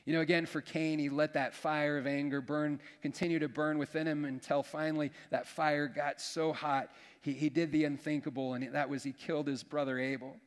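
A man's voice: fairly high pitch, flat delivery, brisk, hardly any pauses. A man preaching as a pastor, earnest and folksy, often restarting his words. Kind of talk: sermon. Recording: long hall reverb.

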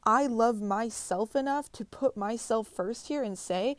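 A woman's voice: fairly high pitch, measured pace, few pauses, no room sound. A woman in her twenties talking bluntly and passionately in a confessional vlog, swearing heavily and speaking with emphasis. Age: 20s. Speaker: vlogger.

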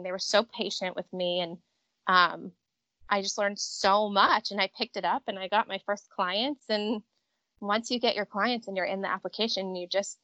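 A woman in her thirties, a company director, telling stories in a chatty, animated way as a guest in a casual interview. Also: mid-range voice, no room sound. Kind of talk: casual interview over a call. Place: vacation home with traffic outside.

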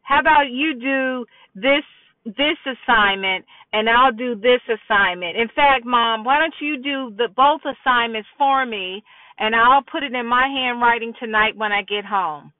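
A woman's voice: fairly high pitch, no echo, lightly acted. A woman voicing a whiny teenage boy who pleads with his mother to get out of his homework. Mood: wheedling. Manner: wheedling, rushed. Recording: tinny phone-like line.

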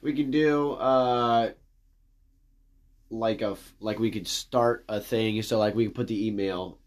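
A young man co-hosting a podcast in relaxed casual chat. He jokes and teases, and often trails off partway through a thought. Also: lowish voice, measured pace. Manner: joking, playful, trails off mid-thought. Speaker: podcast co-host.

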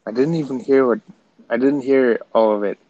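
A man from Canada hosting a casual livestream, chatty and quick to laugh things off as he talks straight to his viewers. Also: medium pitch, dark tone, muffled recording, slight background noise. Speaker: livestream host.

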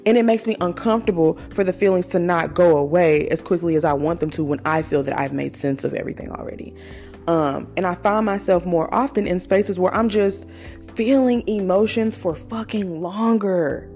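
A woman's voice: on the low side, moderate pace, mellow, soft background music. A woman in her twenties talking candidly in a casual personal monologue, swearing freely and using slang. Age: 20s. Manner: candid, profane, conversational with slang. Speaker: podcast host.

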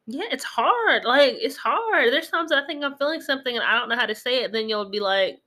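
A married woman co-hosting a podcast in casual chat, animated and joking, laughing often. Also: sits high, fairly quick. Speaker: podcast co-host.

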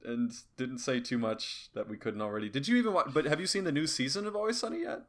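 Man, podcast co-host, mid-pitched, joking and teasing, laughs a lot. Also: fast. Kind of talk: casual chat.

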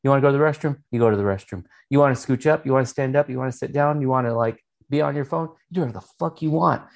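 SoCal man, 30s, podcast co-host, loose rambling storyteller, fillers and profanity, mid pitch. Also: very fast, vocal fry, darkish tone. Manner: rambling storytelling, heavy filler words and swearing. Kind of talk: casual chat.

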